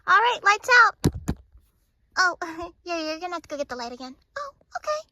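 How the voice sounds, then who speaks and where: A woman's voice: extremely high pitch, big pitch swings, fast talker, heavy background noise. A woman voicing a cheerful anime schoolgirl at a sleepover in a plush toy video, chirpy and sometimes whiny.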